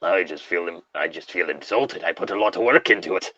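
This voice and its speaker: A man's voice: sits low, brisk, sharp tone. A man co-hosting a podcast, chatting casually and reading a creepypasta aloud, swearing freely, laughing often and drifting into asides. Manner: profane, laughs a lot, rambling asides. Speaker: podcast co-host. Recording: slightly dull lo-fi sound.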